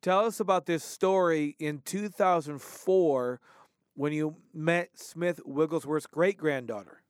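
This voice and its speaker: A man's voice: on the high side, measured pace, clean tone, no room sound, studio quality. A man hosting a religious talk show, speaking fervently and prompting his guest. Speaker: host.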